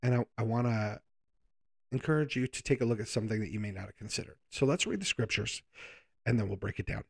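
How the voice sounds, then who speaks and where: Gravelly-voiced man preaching casually. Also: lowish voice, lively intonation, quick pace. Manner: conversational, explains scripture in plain words. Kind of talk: sermon.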